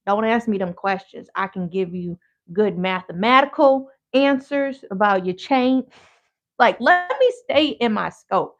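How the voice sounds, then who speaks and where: A woman's voice: mid-range voice, expressive, normal speed, lo-fi sound. A woman hosting a casual livestream while she crafts, rambling in slang and talking back to her chat. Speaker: yoga therapist and crafter, livestream host.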